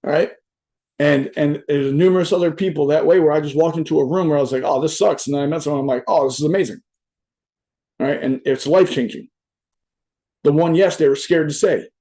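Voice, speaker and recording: A young adult man gives a virtual motivational talk in a loose, rambling way, swearing now and then and checking in with "right?" after nearly every point. His voice sits a little high. Its tone is soft and mellow, never sharp. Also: fast. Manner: rambling, profane, filler-heavy with many "right?" asides. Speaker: motivational speaker. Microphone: virtual event talk mic.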